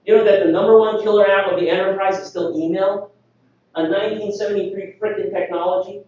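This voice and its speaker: A man giving an energetic conference presentation, firing rhetorical questions at the audience. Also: high-pitched, quick pace. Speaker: conference speaker. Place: conference hall. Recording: echoey hall, distant mic, dull.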